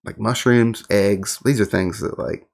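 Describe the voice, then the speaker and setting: A middle-aged man from the American South, telling stories in a casual chat as a guest, animated and laughing, full of "like" and "you know". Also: lowish voice, unhurried, creaky. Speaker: guest, wine tour guide.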